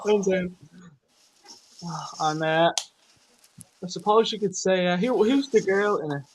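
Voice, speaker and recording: A man's voice: high voice, a little slow, slight background noise. A man hosting a casual football fan watchalong, constantly breaking up laughing. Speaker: fan show host.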